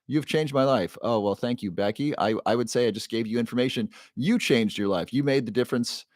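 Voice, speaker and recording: The man's mid-range voice is brisk and a little mellow, recorded studio quality with no room sound. A neuroscientist hosting a laid-back livestream, he upbeatly greets viewers by name, reads from the chat, and does playful roars.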